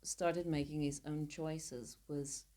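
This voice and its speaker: A woman's voice: low voice, little pitch movement, takes it slowly, warm tone. A woman author talking about her own novel in a casual podcast chat, playful and teasing with her friends.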